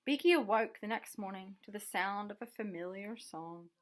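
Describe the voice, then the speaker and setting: A preschool teacher reading a picture book aloud to children in an expressive, animated way. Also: female voice, mid-range voice, moderate pace, background noise. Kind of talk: storybook read-aloud.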